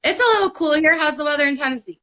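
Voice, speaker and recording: Co-hosting a live online paranormal show from a hot apartment, a woman rambles casually with plenty of fillers. Her voice is high-pitched, racing and sharp, and the sound is lo-fi.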